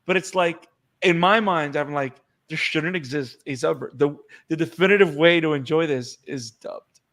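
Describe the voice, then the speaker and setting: A man's voice: a little high, normal speed, a bit bright. A man co-hosting an anime podcast, chatting casually and animatedly, often repeating words as he gets going. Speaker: podcast co-host. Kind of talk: casual chat.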